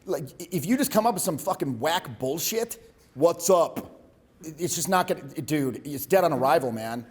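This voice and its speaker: A man teaches a room full of students, casual and profane, pushing his points in a bold, direct way. His voice sits a little higher than most men's. He talks like a coach, not a lecturer. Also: expressive, a little fast. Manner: blunt, profane, conversational. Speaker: voice and presence coach. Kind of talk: live workshop coaching.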